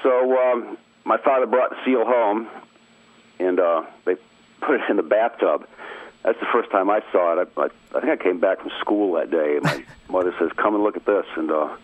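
Low voiced guy from maine calling in, easygoing and chuckly, dry tinny phone sound. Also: normal speed, no room sound. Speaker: interview guest. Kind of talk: casual storytelling over the phone. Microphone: telephone.

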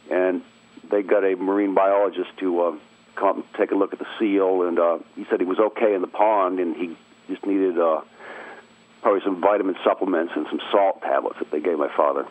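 This is a low male voice belonging to a middle-aged Maine man who is calling in as a radio guest. He relaxes into a family anecdote with a chuckle here and there, heard over a thin, tinny telephone line with a dry recording.

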